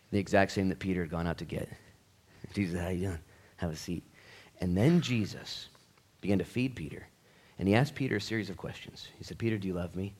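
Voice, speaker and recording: A man preaching a church sermon, telling the story with lively energy and acting out the quotes. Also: high-pitched. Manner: animated storytelling, acts out quotes. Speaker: pastor.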